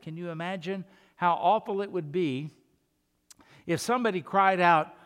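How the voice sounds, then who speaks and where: An older man preaching a sermon as pastor, rising to loud calls and dropping to quiet asides. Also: fairly high pitch, smooth.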